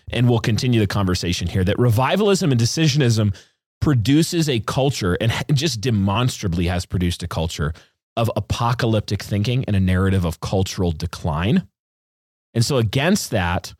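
A man's voice: fairly low pitch, a little mellow, no room sound, clean studio sound. A man co-hosting a podcast, talking animatedly with vivid analogies and frequent laughs. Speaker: podcast co-host. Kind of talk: casual discussion.

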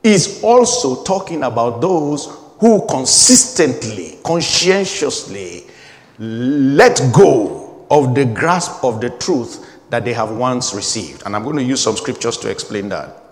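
A man in his forties with a medium-pitched voice preaches slowly but very animatedly in a large hall. He's emphatic and repetitive, his sermon steadily building in intensity.

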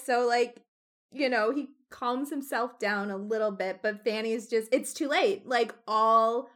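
High, bright young woman chatting animatedly. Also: unhurried. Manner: animated, frequent "like", gets loud when upset. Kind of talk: casual book discussion.

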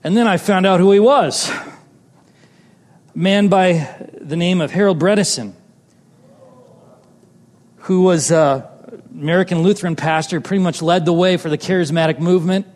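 A man's voice: sits high, a little slow, pauses often. Man preaching a testimony in a reverberant hall. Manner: animated, swings from loud exclamations to hushed tender lines. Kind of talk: sermon testimony storytelling.

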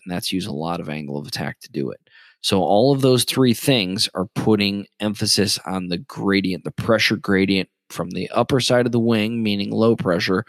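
A man with a fairly low voice talks through flying concepts the way a flight instructor would. He rambles and restarts and drops in plenty of fillers. The sound is close and dry, with no room in it. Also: no room sound. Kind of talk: casual aviation chat.

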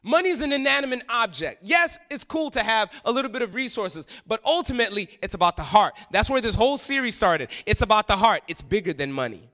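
A man preaching a sermon from the pulpit, his voice high and bright. He swings from loud emphatic lines to near-hushed asides. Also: very animated, fast, few pauses. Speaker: pastor.

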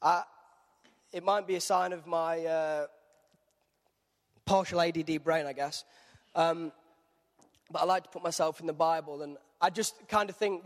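High-voiced preacher in a reverberant hall. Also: male voice. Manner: storytelling, conversational with restarts. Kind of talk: sermon.

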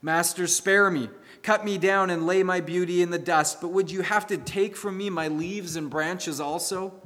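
A man's voice: high voice, steady tone, normal speed, fairly bright tone. A man playing a proud, pleading bamboo. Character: proud male bamboo plant, pleading and trembling. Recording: long hall reverb.

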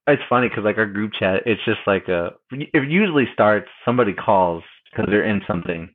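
A man's voice: on the low side, lively intonation, fairly quick. A man co-hosting a casual chat among auto technicians, telling stories in a rambling way with lots of fillers and swearing. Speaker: automotive technician podcast co-host. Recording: tinny phone-like line.

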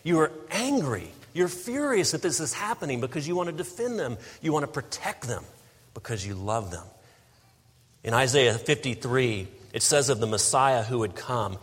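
A male preacher delivering a sermon in a slightly husky voice, his words ringing out with a long reverb, as in a large church hall. He swings between quiet, slowed pauses and loud, emphatic peaks. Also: mid-range voice, very animated. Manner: preaching with rising emphatic bursts and slow weighty pauses.

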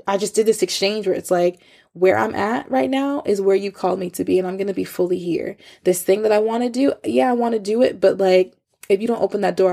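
A woman's voice: mid-range voice, gravelly, warm tone. A woman in her thirties hosting a podcast, giving earnest, conversational faith encouragement with casual fillers. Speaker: podcast host.

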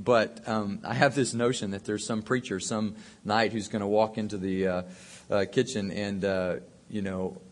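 A man giving a sermon as a folksy personal story, with plenty of fillers and asides. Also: lowish voice. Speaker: preacher.

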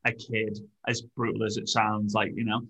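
A man's voice: on the low side, little pitch movement, normal speed, a bit bright, low-quality recording. A man hosting a podcast, chatting eagerly with a guest and often restarting his sentences. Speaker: podcast host. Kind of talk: casual interview chat.

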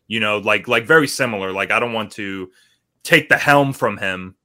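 A man's voice: lowish voice, normal speed, pushed and bright, dry recording, clean studio sound. A man co-hosting a casual podcast chat, laid-back and hedging with fillers as he thinks aloud. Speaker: podcast co-host.

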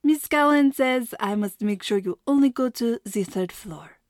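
A woman voicing a dreamy, food-obsessed female cafeteria chef with a breathy, lingering delivery. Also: on the high side, lively intonation, a little slow, dry recording, clean studio sound, pitched above the performer's own voice.

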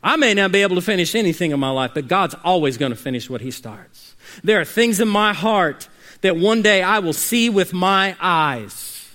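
A male preacher delivering a sermon, telling stories with dynamic swings from quiet to shouting. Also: high voice, expressive, moderate pace. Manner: dynamic storytelling, rising to shouts at climaxes.

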